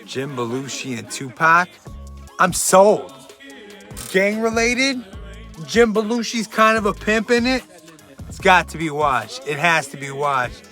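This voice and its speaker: A man chats through movie picks in a loose, excitable way and keeps adding jokey asides. His voice sits high for a man and has a bright, forward edge. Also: unhurried, faint music behind. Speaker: movie recommendation host. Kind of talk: casual monologue.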